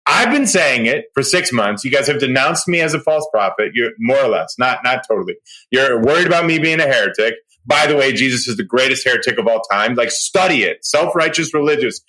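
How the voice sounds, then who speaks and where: A man hosting a podcast in casual chat, excitable and loud, ranting with sudden rises in pitch when worked up. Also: fairly quick, poor audio. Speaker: podcast host.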